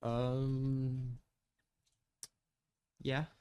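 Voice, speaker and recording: A man playing a wary, laid-back former professional snoop, talking in a relaxed, casual, lightly joking way. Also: medium pitch, extremely slow, clear, resonant tone, voice pushed up.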